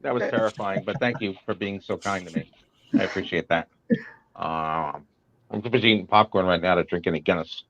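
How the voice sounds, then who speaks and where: An American man with a fairly low voice chats casually on a live stream, rambling, swearing and joking. The stream audio is dull and lo-fi. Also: moderate pace, a bit bright. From United States. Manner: profane, rambling, jokey. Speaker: co-host and comic artist.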